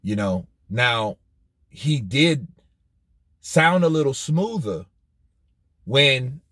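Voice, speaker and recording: A man hosting a boxing news channel, talking in an animated, profane way and firing off rhetorical questions. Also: medium pitch, very slow, dry recording, clean studio sound. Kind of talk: commentary vlog.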